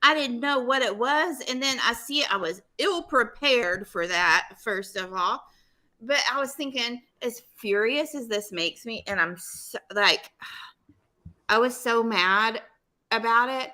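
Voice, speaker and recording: Woman co-host, casual chat, emotional and heated, pitched a bit high. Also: measured pace, pushed and bright. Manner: emotional, fired up. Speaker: podcast co-host.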